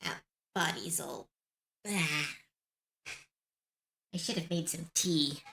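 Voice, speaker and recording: A woman streamer chatting casually on a live stream, musing softly and answering her chat. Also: low voice, fairly even intonation, slow, creaky, noisy background.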